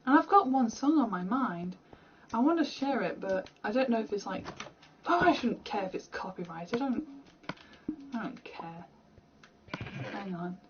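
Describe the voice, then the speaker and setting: She has a medium-pitched, animated voice at a moderate pace, heard through dull audio with slight background noise. A young British woman and gaming streamer, she chats and rambles during play at home, laughing at herself.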